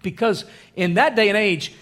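High-voiced preacher, animated. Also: male voice, moderate pace. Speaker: pastor. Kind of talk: sermon.

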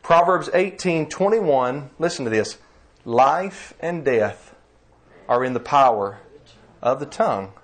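A man preaching a sermon, earnest and emphatic, slowing down to read scripture. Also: medium pitch, animated.

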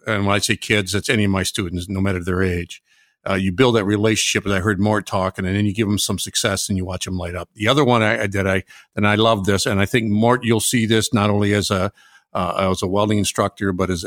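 An older retired man, a former welding instructor and now a pastor, talking earnestly with many halting restarts. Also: fairly low pitch, fairly bright tone, dry recording, clean studio sound. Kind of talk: reflective conversation.

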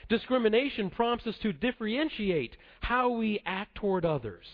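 Male preacher, slightly high voice, measured and earnest, dull lo-fi recording. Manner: measured, earnest delivery dropping soft at the close. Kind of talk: sermon. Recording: dull lo-fi sound.

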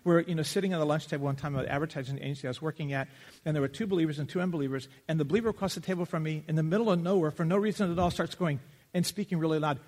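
A man from Texas preaching in a church, his somewhat high voice trailing off into a long hall reverb. He tells stories in an easy, conversational way, jumping into lively acted-out quotes. It sounds like a pastor talking to a congregation. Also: rapid-fire. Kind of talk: sermon.

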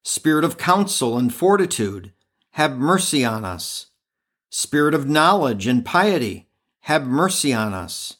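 A man leading a podcast prayer devotion, reading and reciting a litany in a measured, reverent way. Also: medium pitch, big pitch swings, a bit bright.

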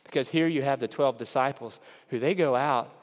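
A man preaching a sermon in an earnest, measured way, stressing key words and acting out the disciples' words in a raised, excited voice. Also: mid-range voice. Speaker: pastor. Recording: long hall reverb.

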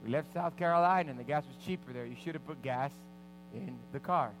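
A man's voice: medium pitch, a little fast, a little hiss or hum, lightly acted, rough recording. A man voicing his wife's pointed, nagging remarks. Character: wife, woman, calm and pointedly nagging.

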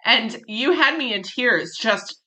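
A woman hosting a podcast in casual chat, candid and animated, swearing freely and laughing often. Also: on the high side, slow. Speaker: podcast host.

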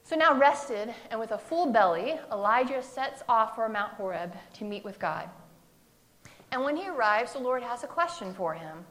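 Woman preacher, conversational sermon, slightly higher voice, acts out quotes with humor. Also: lively intonation, moderate pace, fairly bright tone.

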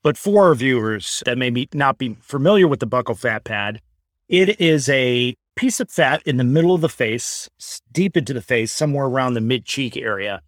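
A man co-hosting a podcast, speaking in an even, explanatory way. His pitch is average, and the recording is dry and close. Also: moderate pace, no echo. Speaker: podcast co-host. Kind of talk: reading a disclaimer, then casual chat.

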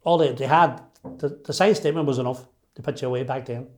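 A man in his sixties with a Derry accent talks in a mellow, darkish voice at a middling pitch. He speaks emphatically, often restarting his sentences as he tells his own story. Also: quick pace. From Northern Ireland. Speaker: interviewee. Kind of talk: personal storytelling.

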